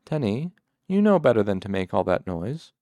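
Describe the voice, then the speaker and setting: A man voicing a gentle, patient male caretaker of sick children, speaking in a soft, soothing murmur. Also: medium pitch, very animated, fairly quick, gravelly, no room sound.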